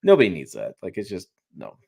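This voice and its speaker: A man's voice: deep voice, huge pitch swings, fairly quick, creaky, darkish tone. A man speaking as a guest on a livestream, chatting casually and enthusiastically, with frequent restarts and rambling asides. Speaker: guest truck reviewer.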